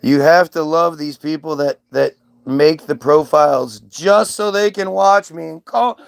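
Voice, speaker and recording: A man's voice: fairly high pitch, unhurried, vocal fry, few pauses, smooth. A man hosting a livestream, rambling and swearing while reading things aloud from his screen. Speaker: livestream host.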